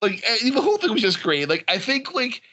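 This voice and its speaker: A man's voice: very high voice, big pitch swings, a little fast, pushed and bright. A man co-hosting a podcast, chatting about a book in a laid-back, loose way. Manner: laid-back, laughing often, loose with words. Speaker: podcast co-host. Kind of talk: casual chat about books.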